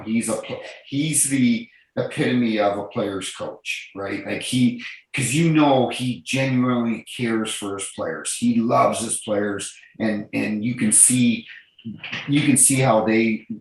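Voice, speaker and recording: Brief: middle-aged guest, deep voice, earnest anecdotes, heavy room echo. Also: male voice. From New Brunswick, Canada. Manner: earnest, repeats and restarts phrases, tells anecdotes. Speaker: guest, former hockey referee. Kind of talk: casual interview talk. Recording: very echoey room.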